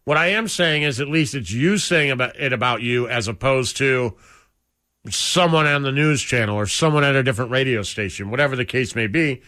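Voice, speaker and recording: A man's voice: mid-range voice, brisk, sharp tone. A man hosting a radio show, making points in emphatic, opinionated banter.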